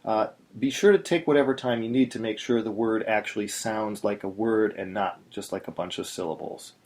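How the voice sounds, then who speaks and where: A man's voice: fairly low pitch, brisk, darkish tone. A man teaching Torah chanting in a plain, patient voice, stopping to sing short chanted examples. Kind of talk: instructional video narration.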